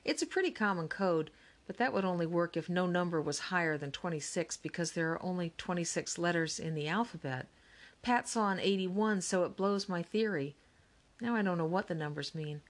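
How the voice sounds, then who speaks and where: A woman narrator plays a calm, clever older brother in a storybook. He lays out his reasoning patiently and evenly. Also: lowish voice, brisk, lightly acted. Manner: calm, explaining. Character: calm, thoughtful older brother, puzzle-solver. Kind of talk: audiobook character reading.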